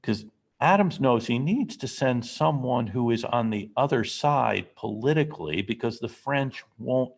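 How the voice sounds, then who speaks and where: Male lecturer, low husky voice with a gravelly edge, storytelling to a class. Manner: storytelling, asks the class questions. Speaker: history lecturer.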